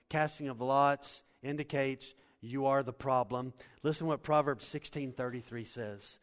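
A man preaching a sermon in a church, dramatic, swinging from hushed tones to loud exclamations. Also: medium pitch, unhurried. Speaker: pastor. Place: church hall. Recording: long hall reverb.

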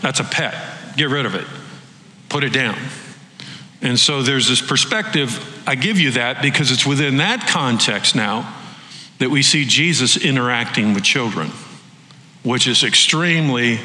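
A man preaching a sermon, animated, acting out the voices he quotes. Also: medium pitch, unhurried, reverberant, big-room sound, low-quality recording. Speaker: pastor.

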